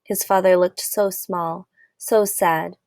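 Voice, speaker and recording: A woman reading a children's novel aloud in a gentle, measured storytelling voice. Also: lowish voice, steady tone, no room sound, clean studio sound. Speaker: audiobook reader. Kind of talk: storybook narration.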